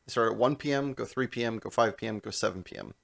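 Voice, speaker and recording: A young man co-hosting a podcast, telling a long story in casual chat, animated and laughing as he goes. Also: fairly low pitch, fast, vocal fry. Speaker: podcast co-host.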